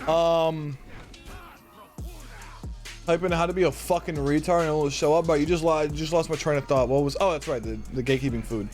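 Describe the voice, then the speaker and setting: A young man live-streaming a game, rambling and swearing, breaking into high-pitched yells when frustrated. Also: steady tone, normal speed, pauses often, soft background music. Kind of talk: casual live-stream chat while gaming.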